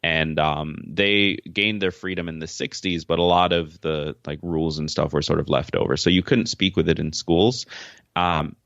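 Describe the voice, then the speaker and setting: Very deep-voiced man on a dull line. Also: normal speed, vocal fry, dry recording. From Jamaica. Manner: relaxed, many "uh" fillers, laughs easily. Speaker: podcast host and author, guest. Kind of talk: casual interview answers. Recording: dry, dull lo-fi remote call audio.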